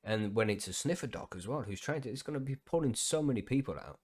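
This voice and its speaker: A man's voice: mid-range voice, expressive, fast, darkish tone, breathy edge. A man co-hosting a podcast in laid-back casual chat, swearing freely as he talks.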